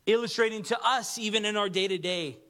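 A man preaching a sermon with earnest delivery, dropping to a hush when he reads quoted words. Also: high voice, a little fast. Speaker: pastor.

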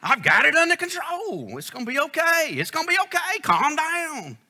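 A preacher voicing his son-in-law, a man calmly telling someone to settle down. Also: extremely high pitch, normal speed, pitched above the performer's own voice, exaggerated voice. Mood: soothing. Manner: soothing, repetitive reassurance. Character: son-in-law, calm reassuring young man.

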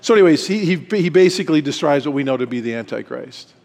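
Middle-aged man, retreat speaker, animated storyteller, fairly high voice, long hall reverb. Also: fast, creaky. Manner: animated storyteller, acts out quoted dialogue. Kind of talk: storytelling talk.

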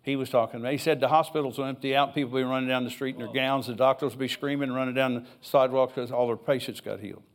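A man's voice: medium pitch, fairly even intonation, fast, hardly any pauses. Older guy pastor giving a sermon in church, chatty, reads bible verses then goes off on tangents. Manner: conversational preaching, reads scripture aloud, rambles with asides.

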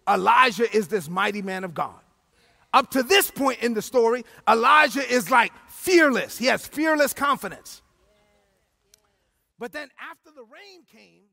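High-voiced preacher shouting in a hall. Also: male voice, gravelly. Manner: animated storytelling, often shouting. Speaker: pastor. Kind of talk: sermon.

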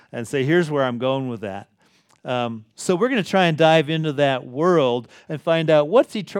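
Conversational man preaching, smooth clear voice. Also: mid-range voice, no room sound, studio quality. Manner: conversational, folksy with restarts. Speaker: pastor. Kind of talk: sermon.

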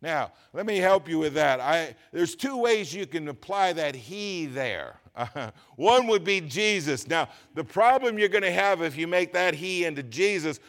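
A man preaching a sermon as pastor, reading scripture slowly and swinging between loud emphatic lines and quiet asides. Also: a little high. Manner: reads scripture slowly with stress.

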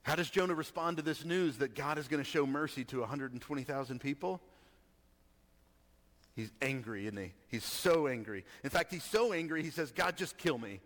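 A man's voice: fairly high pitch, moderate pace, fairly bright tone, long reverb tail. A man giving a casual sermon and reading scripture aloud, talking conversationally and often checking in with his listeners. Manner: conversational, asks the audience. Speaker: preacher.

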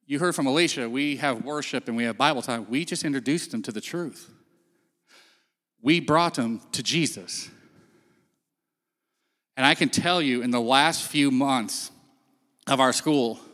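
A man's voice: a little high, pushed and bright. A man telling a Bible story on stage in a casual, storytelling way, acting out the quotes. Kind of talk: sermon-style talk. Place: stage in a large hall. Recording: long hall reverb.

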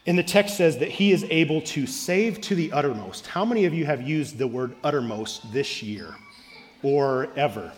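A man's voice: on the high side, expressive, normal speed. A man, a pastor, preaching an earnest sermon and repeating key phrases for emphasis. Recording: long reverb of a large hall.

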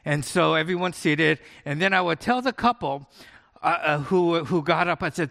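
A man's voice: high voice, expressive, normal speed, gravelly, pushed and bright. A male pastor preaching a sermon in a conversational storytelling manner, often checking in with listeners. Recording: long hall reverb.

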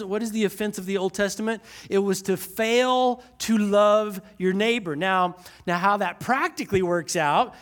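High-voiced man preaching a sermon. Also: fairly bright tone. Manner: sarcastic, slows down to stress key lines.

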